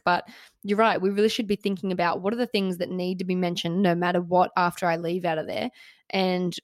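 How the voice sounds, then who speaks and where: A woman hosting a casual chat, animated and candid, swearing and acting out her own thoughts. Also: mid-range voice, fairly quick, dry recording. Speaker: podcast host.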